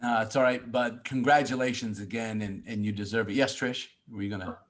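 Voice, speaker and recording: A man's voice: lowish voice, fairly even intonation, brisk. A man hosting a team call, upbeat and encouraging to the group. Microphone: online group call.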